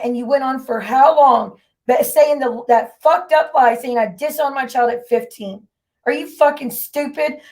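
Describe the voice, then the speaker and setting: A woman's voice: high-pitched, darkish tone. A woman hosting a livestream, ranting in a heated, profane and confrontational way at people in her chat. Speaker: livestream host. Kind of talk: angry livestream rant.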